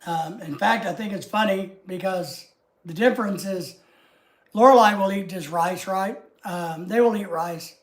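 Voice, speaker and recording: A woman's voice: medium pitch, unhurried. Chatty woman with a Southern US drawl. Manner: rambling and homey, chatting easily with frequent asides. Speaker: livestream host. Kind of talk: casual livestream chat with viewers.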